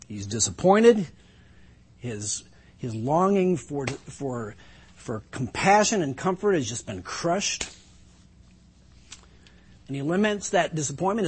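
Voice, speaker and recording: A man's voice: on the high side, slightly rough. A middle-aged man preaching a sermon in an earnest, reflective way, with some emphatic lines.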